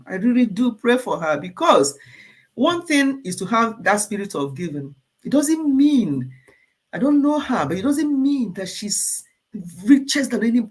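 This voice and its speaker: An older woman talks straight to her live stream viewers, calling out commenters by name. Her speech is heartfelt and emotional, with pauses and restarts as she gathers her thoughts. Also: on the low side. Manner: emotional, tearful at times, talks directly to commenters. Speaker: channel host.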